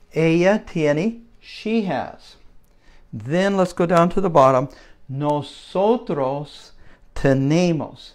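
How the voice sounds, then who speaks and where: A man teaching a beginner language lesson in a slow, patient way, checking in with "okay?" as he goes. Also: fairly high pitch, darkish tone. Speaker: Spanish teacher.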